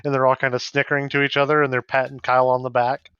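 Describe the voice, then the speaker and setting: A man narrating as game master in a tabletop game, in a loose, halting way and laughing often. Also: mid-range voice, level tone, a bit bright, clean tone, dry recording, dull audio.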